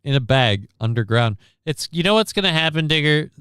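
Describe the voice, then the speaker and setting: A man's voice: fairly high pitch, expressive, a little fast, a bit bright, clear, resonant tone, no echo, studio quality. A man streaming casual reaction commentary on a news clip, sarcastic and rambling, reading chat comments aloud.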